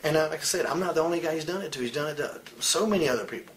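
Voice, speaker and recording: A retired pro wrestler in his forties, guesting on a candid interview, tells a heated story bluntly and with plenty of profanity. His voice sits fairly high, with lively intonation, and it races along with a slightly bright edge. A faint hiss runs behind him.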